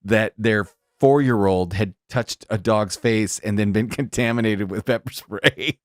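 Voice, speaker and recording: A man hosting a podcast, chatting and asking his guest questions in a relaxed way. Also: fairly low pitch, measured pace, no echo, clean studio sound. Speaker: podcast host. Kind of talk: casual podcast chat. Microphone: podcast studio mic.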